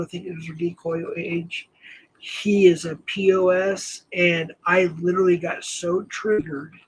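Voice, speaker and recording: Older guy rambling on his livestream, high husky voice, laughs at himself a lot. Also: low-quality recording. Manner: rambling, self-deprecating, laughs often. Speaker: livestream host. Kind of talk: casual livestream chat.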